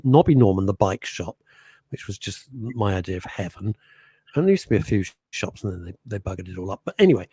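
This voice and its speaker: A man co-hosting a radio talk show, telling rambling anecdotes in a chatty, lively way. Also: on the low side, husky, dry recording. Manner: chatty, anecdotal, lively storytelling with put-on quote voices. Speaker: radio co-host. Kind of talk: casual radio chat.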